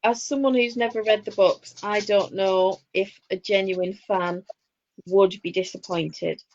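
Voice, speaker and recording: A woman's voice: mid-range voice, steady tone, a little slow, darkish tone, dry recording. A woman with a Northern English accent co-hosting a casual chat, opinionated and chatty with laughing asides. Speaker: podcast co-host. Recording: dull lo-fi dry sound.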